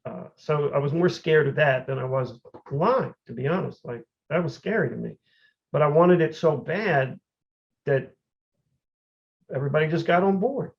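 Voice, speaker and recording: Gravelly, animated man telling his story. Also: a little high, moderate pace. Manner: animated, full of "like" and "you know". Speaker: podcast guest. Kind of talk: casual storytelling. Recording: dull, lo-fi audio.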